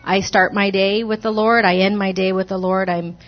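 A woman's voice: medium pitch, level tone, normal speed, muffled recording, faint music behind. A woman telling the congregation her personal testimony in a church, hesitant and earnest, with many restarts. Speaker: church member giving testimony. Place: church sanctuary.

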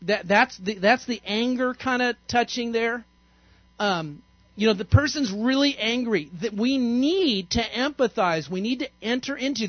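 A man's voice: extremely high pitch, expressive, unhurried, no room sound. Playful pastor man, dry dull recording. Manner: conversational, playful, quizzes the congregation. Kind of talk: interactive sermon. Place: church sanctuary.

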